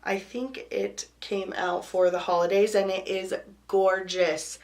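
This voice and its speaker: A young woman with a hoarse voice from a cold, chatting through a makeup tutorial and apologizing for how she sounds. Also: medium pitch, flat delivery, a little slow, darkish tone. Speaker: beauty vlogger.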